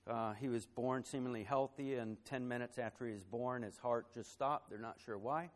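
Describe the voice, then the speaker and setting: A man delivers a sermon from the pulpit in a mid-range voice. He climbs in pitch and volume to stress his points, then sinks low and quiet. In the personal parts he stumbles over repeated words and fillers. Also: normal speed. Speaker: pastor.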